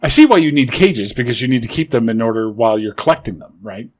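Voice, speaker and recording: Canadian guy podcaster, keeps asking why, bouncy animated voice. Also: mid-range voice, fast. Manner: questioning, incredulous, animated. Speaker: podcast co-host. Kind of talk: casual movie review chat.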